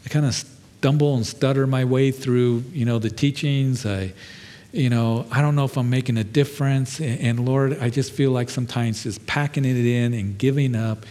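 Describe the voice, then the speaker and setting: A man's voice: mid-range voice, mellow. A man preaching as a pastor, telling a story in a conversational, self-deprecating way with many fillers. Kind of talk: sermon. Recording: long hall reverb.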